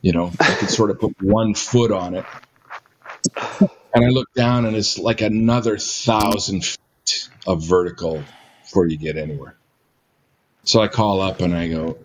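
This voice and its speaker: A man's voice: sits low, unhurried, pauses often, breathy edge. An older retired man telling a story in a casual, rambling way, full of fillers and self-mocking asides. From Canada. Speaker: guest storyteller.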